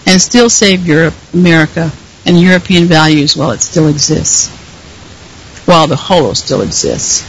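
A commentator delivering a prepared monologue in a deliberate, pausing way, often correcting themself mid-sentence. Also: mid-range voice, a bit bright, a little hiss or hum, poor audio.

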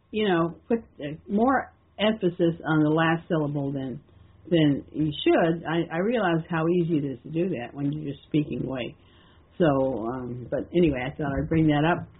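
An older woman hosting a call-in radio talk, rambling and halting with many restarts and fillers. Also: lowish voice, breathy edge. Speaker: radio show host. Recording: tinny phone-line sound.

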